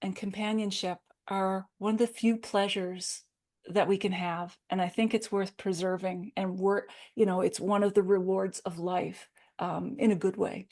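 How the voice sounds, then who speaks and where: A woman's voice: mid-range voice, little pitch movement, moderate pace, darkish tone. A woman speaker chatting on a video call, playful and self-deprecating, with many fillers. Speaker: keynote speaker. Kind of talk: casual conversation on a video call.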